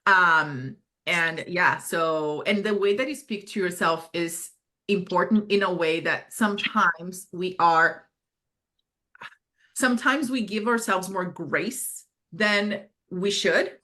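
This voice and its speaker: A woman's voice: fairly low pitch, takes it slowly, bright, forceful tone. A woman leading a group video call as a fitness coach, talking in an encouraging way with many fillers and self-corrections.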